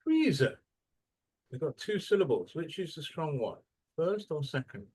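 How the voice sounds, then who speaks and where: A man's voice: a little high, moderate pace, slightly rough. A man teaching English in a classroom, quizzing students and stressing syllables as he models words. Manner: lively questioning, drawing out word stress. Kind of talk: classroom lesson.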